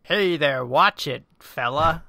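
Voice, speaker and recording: A man playing a self-important old military man, with a slow, blustering drawl. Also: fairly high pitch, animated, creaky, sharp tone, dry recording, exaggerated voice.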